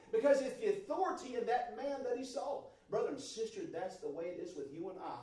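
A man preaching a sermon to a congregation, moving from quiet, steady talk to loud, fervent shouting. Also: high voice, fast, few pauses, distant mic. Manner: builds from soft to shouting fervor. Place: church service. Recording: roomy church sound from off-mic. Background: congregation responses.

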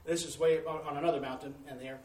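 Folksy preacher in an echoey hall. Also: male voice, fairly high pitch, fairly even intonation, rapid-fire, darkish tone, slight background noise. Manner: folksy storytelling, acting out dialogue. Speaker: missionary preacher. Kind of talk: sermon-style testimony with slides. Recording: echoey room, distant mic, faint ambience.

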